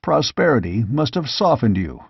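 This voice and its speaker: A man voicing a bold barbarian warrior king who speaks bluntly and gruffly, with grim amusement, in an audiobook reading. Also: mid-range voice, sing-song, normal speed, no echo, full character voice. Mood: blunt, mocking. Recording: dull, dry lo-fi audiobook recording.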